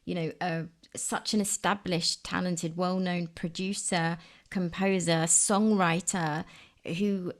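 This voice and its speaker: A woman's voice: lowish voice, fairly even intonation, takes it slowly. A woman, a soprano singer talking as a guest in a casual interview, chatty with tag questions.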